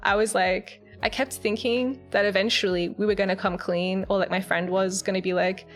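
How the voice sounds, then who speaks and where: A woman's voice: mid-range voice, fairly even intonation, normal speed. A woman streamer recapping a game in casual, chatty storytelling, often breaking into giggles. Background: faint background music.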